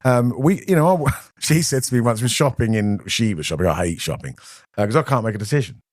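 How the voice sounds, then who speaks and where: A man's voice: mid-range voice, animated, a little fast, no echo, clean studio sound. A British man, a podcast guest, telling rambling anecdotes in casual conversation and acting out the voices of people he quotes. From Britain. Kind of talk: casual storytelling.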